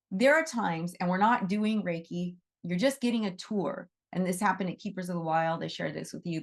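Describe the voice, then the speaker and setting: A middle-aged woman giving a casual teaching talk to a class on animal Reiki. She is conversational and often checks in with "right?". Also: fairly low pitch.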